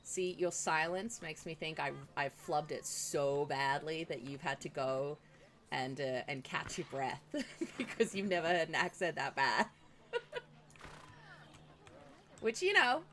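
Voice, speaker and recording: A woman's voice: deep voice, measured pace, a bit bright, a little hiss or hum. A woman chatting casually while streaming a game, talking back to her viewers. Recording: music playing behind the voice.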